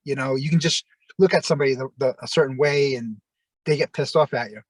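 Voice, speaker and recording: A man's voice: medium pitch, fast, dry recording, low-quality recording. A middle-aged man, a former pro wrestler, telling rambling stories on a video call and acting out the voices of the people he quotes. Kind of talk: casual anecdotal storytelling.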